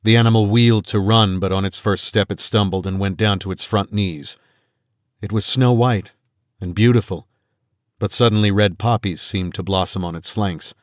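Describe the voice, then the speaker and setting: A man with a very low voice narrates an audiobook in the first person, measured and steady. The recording is dry and close, with no room sound around him. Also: no room sound. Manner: measured storytelling, voices quoted characters.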